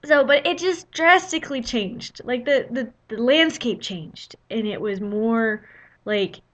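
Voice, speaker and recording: Young woman rambling through a road trip story on her vlog, kinda high voice, lots of "you know". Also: unhurried. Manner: chatty, lively retelling with many "you know" fillers. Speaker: vlogger.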